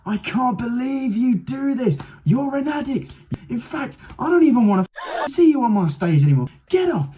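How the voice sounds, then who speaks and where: A man putting on a middle-aged male talk show host who loudly berates his guests with sneering, repeated insults. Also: extremely high pitch, sing-song, moderate pace, slight background noise, voice pushed up. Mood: sneering, berating.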